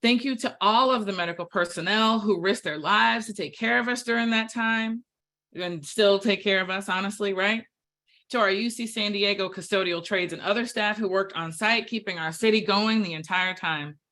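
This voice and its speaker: Woman host, middle pitch, chatty and sincere, video-call sound. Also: moderate pace, bright, forceful tone. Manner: heartfelt, chatty, many fillers. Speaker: staff town hall presenter. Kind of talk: virtual staff town hall remarks.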